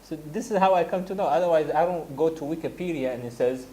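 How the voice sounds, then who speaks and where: Man, religious teacher, storytelling lecture, slightly high voice, faint classroom hum. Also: quick pace. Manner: anecdotal, animated, laughing asides.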